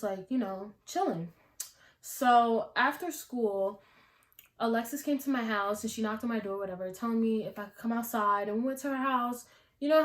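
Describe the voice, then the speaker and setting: A young woman vlogger telling a story in a casual, slangy way, filling her talk with "like". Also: a little high. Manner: chatty, slangy, many "like" fillers. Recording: echoey room.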